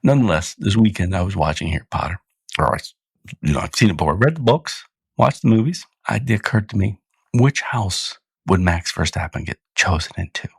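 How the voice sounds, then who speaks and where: A man's voice: low-pitched, lively intonation, brisk, creaky, breathy edge, no echo. A man with an American accent hosting a casual podcast, rambling and correcting himself as he goes. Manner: rambling, self-correcting, laughs at own jokes. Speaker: podcast host. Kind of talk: casual chat.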